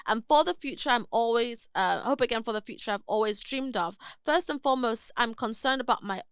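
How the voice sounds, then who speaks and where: A young woman on a podcast, reading a listener's email aloud in an earnest, measured way. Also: fairly high pitch, expressive, a bit bright, smooth, no echo, studio quality. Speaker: podcast co-host.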